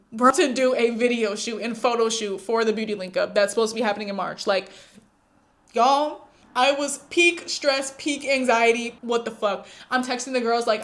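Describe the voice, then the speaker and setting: A young woman talks straight to her viewers, candid and animated as she tells a story. Her voice sits in a middle pitch, and she keeps it casual and unpolished. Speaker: vlogger.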